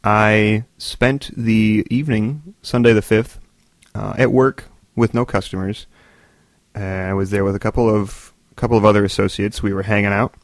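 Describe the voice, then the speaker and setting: A man's voice: on the low side, steady tone, normal speed, no room sound, clean studio sound. A man hosting his own podcast, rambling through stories with self-deprecating jokes. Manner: self-deprecating, joking, meandering. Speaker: podcast host. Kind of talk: rambling solo podcast monologue.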